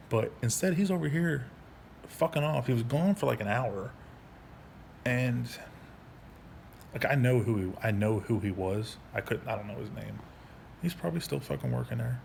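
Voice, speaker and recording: A man in his thirties telling his own story in a casual monologue, angry and profane, halting with frequent restarts. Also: mid-range voice, creaky, a little mellow. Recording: faint background noise.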